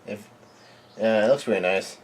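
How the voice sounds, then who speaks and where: Halting low-voiced man recapping a comic. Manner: halting, stumbling narration full of restarts. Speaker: manga reader and reactor. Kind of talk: live reading and reaction.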